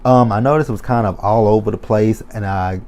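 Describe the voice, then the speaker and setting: A man's voice: fairly low pitch, brisk, a little hiss or hum. Profane young man recapping a TV episode. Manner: animated, swearing, acts out his own reactions. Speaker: TV recap vlogger.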